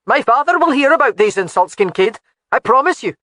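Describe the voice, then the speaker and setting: A man's voice: very high-pitched, big pitch swings, fairly quick, bright, forceful tone, dry recording, voice pushed up, heavily acted. A narrator voicing an angry young nobleman in an audiobook, indignant and threatening.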